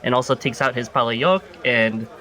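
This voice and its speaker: A man's voice: medium pitch, normal speed, pushed and bright, a faint crowd. A man loosely narrating his character in a casual tabletop game, laughing as he goes. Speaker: player.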